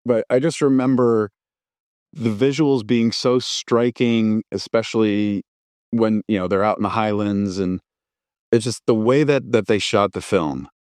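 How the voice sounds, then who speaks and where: A man's voice: on the low side, measured pace, darkish tone, no echo, studio quality. A man chatting on a film podcast, thoughtful, trailing off and restarting as he recalls things. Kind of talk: casual film podcast chat.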